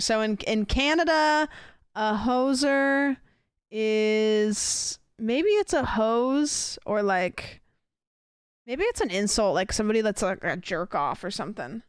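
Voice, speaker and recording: Smooth-voiced woman streamer, chatting. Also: mid-range voice, lively intonation, slow, dry recording, studio quality, faint music behind. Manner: rambling and curious, full of fillers and self-questions. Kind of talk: casual live-stream chat while gaming.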